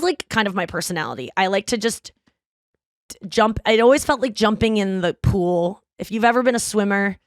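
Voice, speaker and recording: A woman in her thirties hosts a podcast and tells stories in a loose, chatty way. She swears freely and jumps into quoted voices with big swings in pitch. Her voice is recorded close and dry, with no room sound behind it. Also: dry recording. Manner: animated, profane, acts out quoted lines. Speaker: podcast host. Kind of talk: casual storytelling chat.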